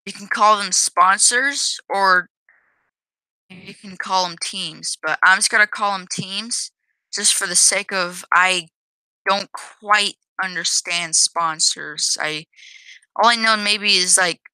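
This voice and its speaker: A woman's voice: medium pitch, slow pace, sharp tone, clean tone, no echo, low-quality recording. A woman giving casual commentary while playing and showing her own game, hesitant, with many restarts and self-corrections.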